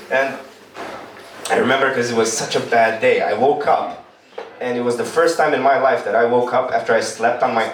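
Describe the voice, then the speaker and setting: A man from Romania, doing stand-up comedy on a club stage in a loose, rambling storytelling way. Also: mid-range voice. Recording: echoey room, distant mic.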